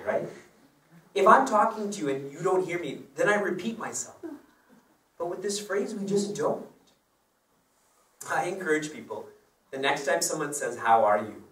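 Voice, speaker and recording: A man teaching as a spiritual teacher, telling personal stories in a chatty way and laughing along with them. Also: mid-range voice. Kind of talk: devotional discourse with personal stories. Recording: roomy sound from a distant mic.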